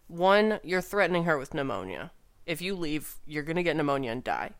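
A podcast co-host with a mid-range voice chats casually, blunt and quick to swear. The humour is dry and sarcastic. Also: medium pitch, big pitch swings. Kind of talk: casual chat.

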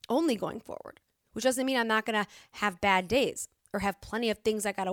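A woman's voice: mid-range voice, a little fast, fairly bright tone, no room sound, studio quality. A woman hosting a solo motivational podcast, talking in a candid, emphatic way, cursing at times and restarting her sentences. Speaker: podcast host.

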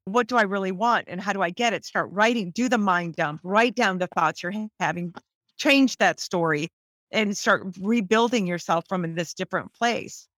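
A woman actress as an interview guest, telling lively stories and acting out the voices in them. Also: mid-range voice, normal speed, no echo. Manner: lively, acts out voices in her anecdotes. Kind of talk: animated storytelling in an interview.

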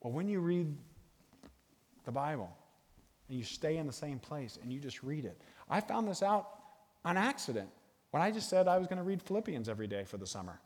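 A middle-aged man giving a guest sermon in a church, animated and jokey, talking to a live audience. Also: fairly high pitch, a little fast. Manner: animated, jokey, bursts into sung movie lines. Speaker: guest speaker. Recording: long hall reverb.

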